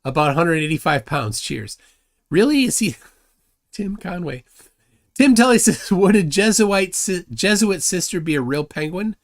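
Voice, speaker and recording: A high-pitched, expressive man talks at normal speed while hosting a live stream. He argues aggressively, taunting his opponent and reading comments from the chat aloud.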